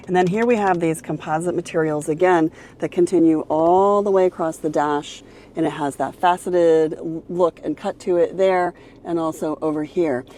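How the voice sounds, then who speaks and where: A woman's voice: on the low side, a little mellow, a little hiss or hum. A woman reviewing a car, walking through its features one by one in an upbeat, casual way. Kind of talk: casual car interior walkthrough.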